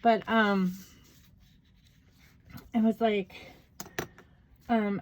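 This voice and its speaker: A middle-aged woman chatting casually to her camera as she works on a craft project. She tells a story in a loose, rambling way, full of "like" and "you know." Her pitch sits at an ordinary middle height for a woman. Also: flat delivery, very slow, long pauses, a little mellow, slight background noise, poor audio. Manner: rambling storytelling with many fillers. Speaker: crafting vlogger. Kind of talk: casual chat while journaling.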